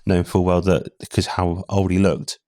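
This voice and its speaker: A man's voice: low voice, level tone, moderate pace, darkish tone, dry recording, clean studio sound. A British man speaking candidly as a guest in a casual podcast interview, with frequent restarts. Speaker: podcast guest, talent acquisition head.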